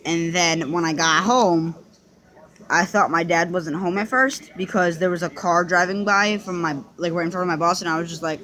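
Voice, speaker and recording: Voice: medium pitch, fairly even intonation, normal speed, a bit bright. A young person casually telling a personal story to the camera, rambling through restarts and fillers and swearing now and then.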